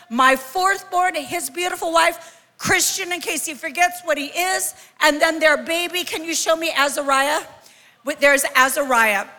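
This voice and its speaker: A woman in her sixties giving a lively, joking live sermon as a guest speaker, calling out to the congregation in a large church. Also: high-pitched. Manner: lively, joking, calls out to the crowd. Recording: long hall reverb from a live church.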